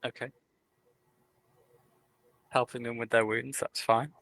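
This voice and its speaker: A man's voice: medium pitch, flat delivery, slow, vocal fry, fairly bright tone. A man narrating as game master, giving hesitant rulings with many fillers.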